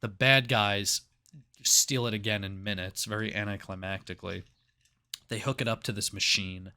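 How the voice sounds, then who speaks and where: A man co-hosting a casual podcast movie review, swearing freely and retelling scenes in an animated way. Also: lowish voice, moderate pace, clear, resonant tone. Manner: profane, animated retelling with acted-out quotes. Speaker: podcast co-host.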